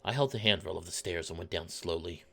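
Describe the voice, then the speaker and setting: A man voicing a sarcastic male private investigator who narrates in a low, wry, deadpan way in a game playthrough. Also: quick pace, creaky, full character voice.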